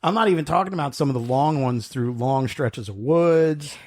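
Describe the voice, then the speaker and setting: Gravelly middle-aged man telling stories. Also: medium pitch, moderate pace, a little mellow. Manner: rambling storyteller, laughs often, acts out quotes. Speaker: podcast co-host. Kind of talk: casual chat.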